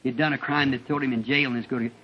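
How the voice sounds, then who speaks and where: A man preaching a sermon as a personal testimony, turning emotional and shooting into high-pitched bursts as he tells his story, recorded at a church meeting. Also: fairly even intonation, rapid-fire, a little hiss or hum. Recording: dull lo-fi archival tape.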